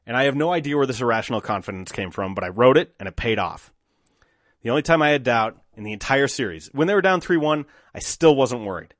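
Excited man on a solo podcast. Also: medium pitch, fast talker, dry recording, studio quality. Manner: excited, animated storytelling with emphatic outbursts. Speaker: podcast host.

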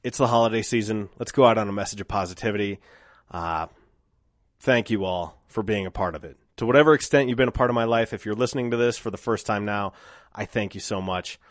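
Low-voiced man musing on his podcast. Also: fast, no echo. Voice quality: dry mouth. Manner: reflective, rambling with restarts. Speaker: podcast host. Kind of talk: solo podcast monologue.

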